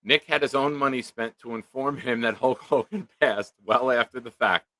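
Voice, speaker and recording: A man's voice: mid-range voice, normal speed, sharp tone. A man hosting a casual live-stream chat, joking around and reading viewer comments aloud. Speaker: show host.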